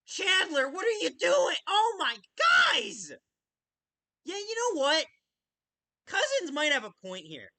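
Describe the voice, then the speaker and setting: A woman hosting a casual live hockey commentary, calling the play with loud bursts and frequent swearing. Her voice sits high and bright and cuts through clearly. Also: slow, long pauses. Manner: excitable, swears freely, shouts goal calls. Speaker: podcast host.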